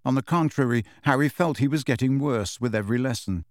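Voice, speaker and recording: A man reading a novel aloud as an audiobook narrator, with measured, expressive storytelling. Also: mid-range voice, dry recording, clean studio sound. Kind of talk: scripted narration.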